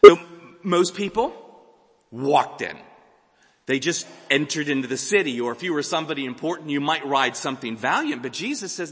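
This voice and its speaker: A man preaching a sermon, emphatic and animated, acting out dramatic quotes. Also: fairly high pitch, normal speed, in a large hall.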